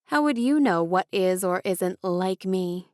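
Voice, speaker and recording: A woman voicing a sharp-tongued eighteen-year-old young woman who speaks sarcastically and curtly. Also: fairly low pitch, expressive, a little slow, no room sound, studio quality. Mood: sarcastic. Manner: sarcastic and curt.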